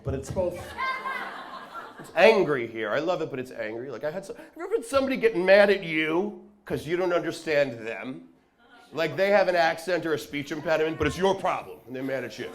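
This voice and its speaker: A man from Long Island doing a stand-up comedy set on a club stage, sardonic and animated as he tells stories. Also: fairly high pitch. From Long Island, New York. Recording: live club crowd laughing.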